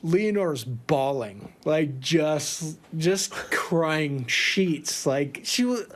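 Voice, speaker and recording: A man telling a tour story in a casual, animated way, laughing often and swearing freely. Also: on the high side, measured pace, hardly any pauses.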